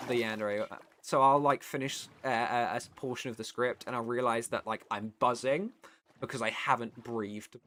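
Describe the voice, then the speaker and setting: Male streamer from the UK, bright and forceful tone, loose rambling chat with casual swearing. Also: medium pitch. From United Kingdom. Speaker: streamer and voice actor.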